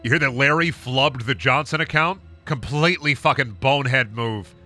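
A man's voice: normal speed, sharp tone, faint music behind, natural voice. A man putting on a weary, mumbling office drone. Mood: weary small talk. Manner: low, mumbling, weary chit-chat full of hesitations. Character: grumbling middle-aged male office worker making small talk.

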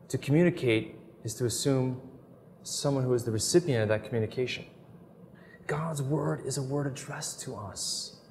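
Middle-aged guy preaching, earnest and emphatic, medium pitch, big echoey hall. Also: a little mellow, a little hiss or hum. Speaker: Catholic speaker. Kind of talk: sermon-style teaching talk.

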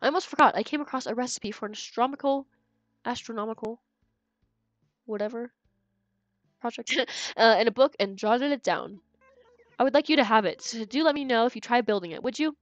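A woman's voice: a little high, brisk, pauses often, dry recording, dull audio, faint music behind, close to an everyday voice. Celeste, a genteel owl stargazer, as a woman puts her on. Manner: genteel, old-fashioned formal phrasing. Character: polite, formal female owl stargazer. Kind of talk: reading game dialogue aloud in character.

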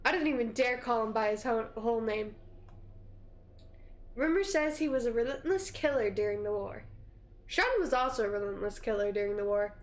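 High-voiced giggly woman streamer. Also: moderate pace. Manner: giggly, reading lines with playful dramatics. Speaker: gaming streamer. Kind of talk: reading game dialogue aloud in a let's play.

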